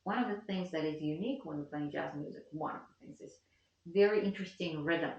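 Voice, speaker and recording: A woman's voice: sits low, a little fast, darkish tone. A woman giving a one-on-one piano lesson, explaining patiently and counting the beats aloud. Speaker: piano teacher. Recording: echoey, distant, dull lo-fi sound with piano. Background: piano playing.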